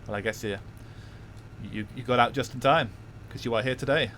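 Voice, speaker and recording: A man streaming a racing game, chatting in a soft, laid-back way and chuckling often. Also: medium pitch, brisk, slight background noise. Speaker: VTuber streamer. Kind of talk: casual stream chat.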